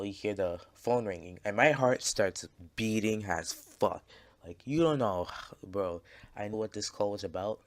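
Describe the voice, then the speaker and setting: A man casually telling a story over gameplay, rambling and swearing, with lots of fillers and restarts. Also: fairly low pitch. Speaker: gaming channel creator.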